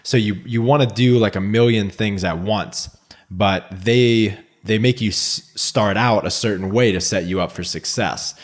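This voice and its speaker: A man hosting a podcast, asking questions in a halting way with many restarts. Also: lowish voice. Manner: halting, stumbles and restarts words. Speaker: podcast host. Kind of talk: casual interview questions.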